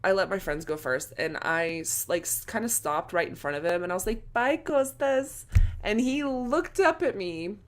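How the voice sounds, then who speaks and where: A young adult woman vlogger telling a story to camera, excited and gushing, with lots of "like" and casual swearing. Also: on the low side, normal speed, hardly any pauses.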